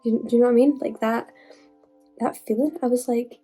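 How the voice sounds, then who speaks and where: A woman's voice: fairly high pitch, steady tone, a little fast, warm tone, husky, soft background music. A woman in her twenties vlogging in a chatty, emotional way, often saying "like". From Scotland. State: hoarse from illness. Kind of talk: casual vlog chat.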